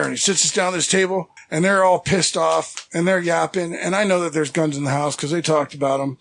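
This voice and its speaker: A man's voice: on the high side, a little fast, hardly any pauses, fairly bright tone. A middle-aged man from the San Francisco Bay Area, a podcast guest telling rambling, self-deprecating stories in casual chat and acting out what people said. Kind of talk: casual storytelling.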